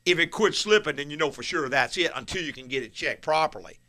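A man's voice: fairly high pitch, quick pace, sharp tone. A man hosting a call-in car repair radio show, giving plain step-by-step advice to callers. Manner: plainspoken, practical, explains step by step.

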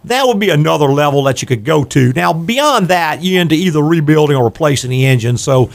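A man's voice: a little high, expressive, brisk, creaky. An older man hosting a call-in radio show on car repair, explaining at length and laughing easily. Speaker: radio show host, garage owner.

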